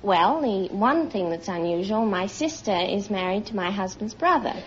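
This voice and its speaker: A woman's voice: mid-range voice, animated, normal speed. A young woman, a quiz show contestant chatting and laughing as she tells a story. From England. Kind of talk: casual chat with a host. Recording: dull old broadcast recording with hiss.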